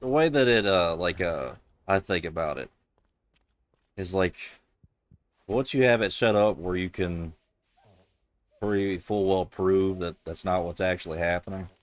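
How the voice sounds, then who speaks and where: A man's voice: deep voice, measured pace, pauses often, dry recording. A man streamer in casual chat, telling stories in a rambling, amused way.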